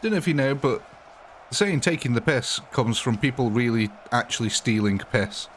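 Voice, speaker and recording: A man's voice: mid-range voice, expressive, normal speed, a little hiss or hum. A man hosting a live game stream, chatting casually and jokily as he rambles between topics. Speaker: live-stream gamer host.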